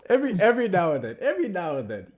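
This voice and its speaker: A man's voice: sits high, huge pitch swings, very fast, a little mellow. A man hosting a casual political livestream, laid-back and profane, laughing often. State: recovering from illness. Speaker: livestream host. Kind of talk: casual live-stream chat.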